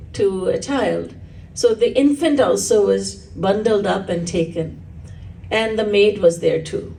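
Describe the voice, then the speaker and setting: A woman's voice: mid-range voice, vocal fry, dark tone, distant mic, rough recording. A woman spiritual teacher giving a religious discourse, explaining earnestly and telling stories.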